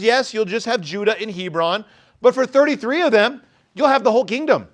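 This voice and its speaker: A man in his forties delivers a lively sermon to a youth group. His voice sits high for a man. He swings between loud, dramatic acted-out quotes and quieter, earnest appeals. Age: 40s. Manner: animated, acts out quotes in different voices. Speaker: youth pastor.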